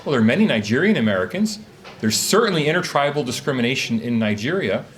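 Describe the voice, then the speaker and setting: A man's voice: medium pitch, quick pace. A man, an academic, giving a conference talk to a live audience, speaking from notes in a questioning lecture style. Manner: lively, questioning lecture delivery. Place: conference room.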